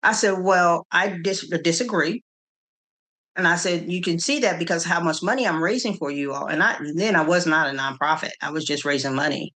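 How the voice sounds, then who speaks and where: Lively storytelling woman, slightly low voice. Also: a little fast, hardly any pauses. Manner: animated retelling with quoted dialogue, frequent restarts. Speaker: interview guest, nonprofit founder. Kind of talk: conversational storytelling interview.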